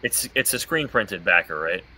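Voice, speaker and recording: A deep-voiced man with a bright, crisp edge chats casually on a livestream, cracking the odd joke. A faint hiss sits under his voice. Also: expressive, moderate pace, low-quality recording.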